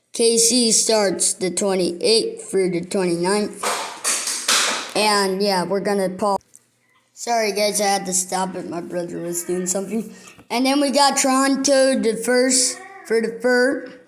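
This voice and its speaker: A woman hosting a casual sports video, reading news and a schedule off a list item by item in a halting way. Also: mid-range voice.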